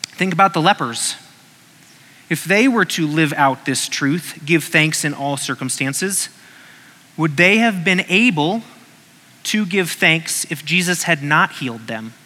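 A man preaches a sermon with a bright, forceful voice that sits a little high for a man. He talks casually, reads scripture and acts out short voices along the way. His voice carries a long reverb from the hall. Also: animated, a little slow.

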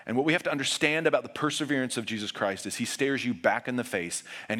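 Male pastor, bright forceful tone, earnest sermon delivery that drops to hushed emphasis. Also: fast talker, hardly any pauses. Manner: earnest, swings between raised urgent passages and hushed low emphasis.

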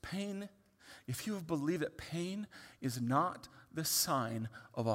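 A man, a pastor, delivering a sermon that moves from quiet reflection to loud, pleading emphasis. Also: on the high side, expressive, slow, big-room sound.

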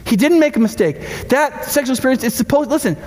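A middle-aged male pastor preaching a sermon in a lively, conversational way, full of rhetorical questions. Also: very high-pitched, quick pace, long reverb tail.

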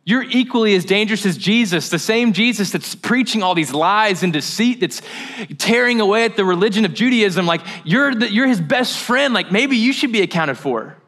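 A man's voice: sits high, expressive, moderate pace, a bit bright, voice pushed up. A man voicing a suspicious male bystander with a pointed, accusing, rising voice.

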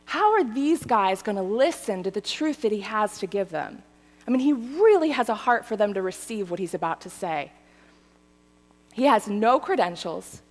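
Lively woman preaching in a reverberant hall. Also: medium pitch, moderate pace. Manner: animated, conversational, often asks the audience "right?" and "okay?". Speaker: pastor. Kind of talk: sermon.

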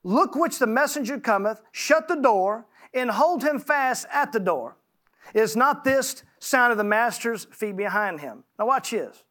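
High-voiced man preaching a conversational sermon. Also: lively intonation, sharp tone. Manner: conversational, with slow emphatic scripture reading.

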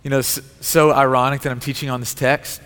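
A man's voice: mid-range voice, flat delivery, brisk, fairly bright tone, clear, resonant tone. A male pastor preaching a sermon with an earnest, repetitive cadence. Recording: long hall reverb.

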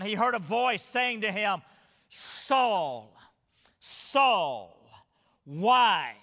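A man's voice: high-pitched, bright, forceful tone. A man preaching an expository sermon, reading scripture aloud with earnest, dramatic emphasis. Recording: long hall reverb.

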